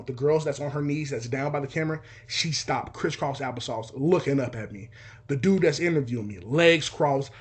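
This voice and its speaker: A man's voice: a little high, slightly rough. A young man casually telling a story from his childhood, acting out dialogue with sound effects. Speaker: podcast host telling a story.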